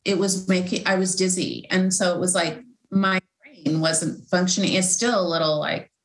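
A woman's voice: lowish voice, steady tone, normal speed, echoey room, poor audio. A woman, an author, talking casually and heartfelt about faith, rambling with many fillers and restarts. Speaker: Christian author and podcast host.

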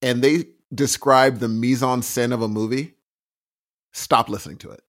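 A man's voice: medium pitch, fairly even intonation, normal speed, fairly bright tone. A man co-hosting a podcast in casual banter, stubborn and giggly, often trailing off mid-sentence. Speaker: podcast co-host.

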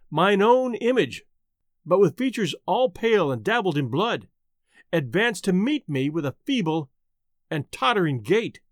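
A man reads a gothic tale aloud in a high, highly expressive voice that rises and falls freely. He keeps a measured pace and slows down to weigh key phrases. The sound is dry and close. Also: dry recording. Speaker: narrator. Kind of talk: dramatic reading of a gothic tale.

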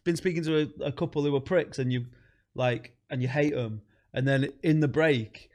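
Play a male comedian guesting on a podcast, chatting in blunt, sweary banter full of quick asides. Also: mid-range voice, darkish tone. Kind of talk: casual chat.

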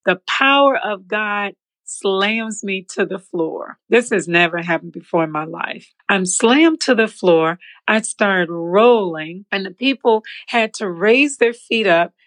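A woman telling her personal testimony in an interview, animated, acting out the voices in her story and laughing often. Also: mid-range voice, unhurried. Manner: animated, acts out quoted voices. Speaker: interview guest.

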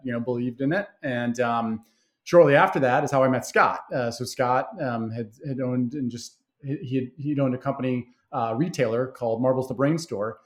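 A man being interviewed about starting his party game company, talking in an easygoing way with plenty of fillers and restarts. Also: medium pitch. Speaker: game creator guest. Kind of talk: conversational interview.

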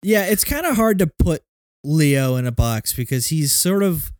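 A man's voice: fairly high pitch, very animated, unhurried, dry recording, studio quality. A man co-hosting a casual movie podcast, rambling and saying "like" a lot. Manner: rambling, heavy use of "like". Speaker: podcast co-host.

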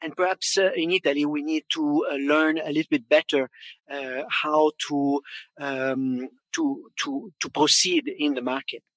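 A man in his fifties from Montreal with a Quebec French accent, giving a conference presentation, often repeating words for emphasis and pausing on fillers. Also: a little high, fairly even intonation, fairly bright tone, dry recording. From Canada, Montreal. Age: 50s. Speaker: conference speaker.

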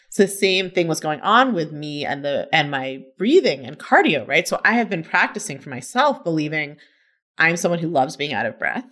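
A woman coach talking casually on her own, chatty and animated, often checking in with "right?" and laughing as she explains. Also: medium pitch, brisk. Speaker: coach and teacher. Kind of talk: casual solo podcast talk.

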